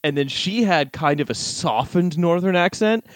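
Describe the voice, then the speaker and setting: A man's voice: a little high, animated, normal speed, no echo. A man with a Canadian accent, co-hosting a comedy podcast in a profane, exasperated, ranting manner. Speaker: podcast co-host. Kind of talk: casual comedic chat.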